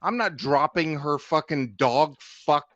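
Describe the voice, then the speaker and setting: A man rants angrily on a livestream panel, swearing and jeering as he goes. His voice sits a bit high and comes through dry and muffled. The audio has the dull, lo-fi sound of an online call. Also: takes it slowly, a bit bright, dry recording. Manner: angry, profane, jeering rant. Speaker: panel guest. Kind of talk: heated livestream panel rant.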